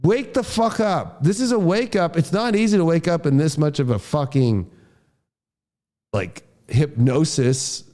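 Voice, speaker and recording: A man with a high-pitched voice delivers an astrology forecast as a fierce, expletive-heavy rant. He is a father and talks in a heated, combative way. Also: expressive, a little slow, warm tone. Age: adult, a father. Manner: heated, profane ranting.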